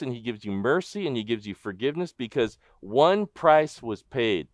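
Animated man preaching a sermon. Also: mid-range voice, moderate pace, dry recording. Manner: animated storytelling, acting out the crowd's disbelief; asks the congregation direct questions. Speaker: pastor.

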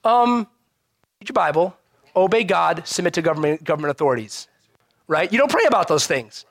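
High-voiced pastor preaching with lively conversational punch. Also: male voice, brisk, creaky, dry recording. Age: adult parent. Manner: animated, conversational preaching with frequent rhetorical questions. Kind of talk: sermon.

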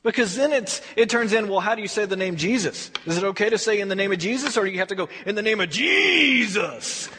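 Male pastor, high husky voice, lively conversational preaching, long hall reverb. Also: quick pace, hardly any pauses. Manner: animated, conversational preaching with acted asides. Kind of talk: sermon.

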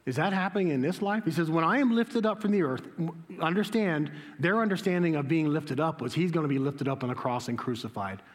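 A man preaching a sermon as pastor, reading scripture aloud and breaking into excited, high-pitched quoted speech. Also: fairly quick, big-room sound. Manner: animated, voice jumps high when quoting Jesus. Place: church.

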